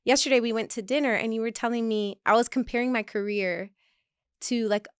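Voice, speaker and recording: Chatty woman host, a bit high. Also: fairly even intonation, fairly quick, smooth, dry recording, studio quality. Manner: chatty, rambling questions. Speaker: podcast host and musician. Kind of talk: casual interview chat. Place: podcast studio.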